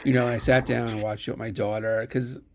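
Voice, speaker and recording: A man hosting an interview, talking casually and haltingly with many fillers. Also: medium pitch, flat delivery, background noise. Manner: hesitant, filler-heavy. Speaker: podcast host.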